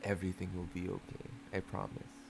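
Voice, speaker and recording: A performer reading out a sinister young man's lines in a low, hushed, menacing murmur. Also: flat delivery, fairly quick, vocal fry, background noise. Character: sinister young man, menacing and falsely soothing.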